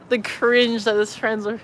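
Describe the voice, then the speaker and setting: A woman's voice: a little high, a little hiss or hum. A woman vlogger telling a story in casual chat, laughing often and filling her speech with "like". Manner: laughs often, lots of filler "like".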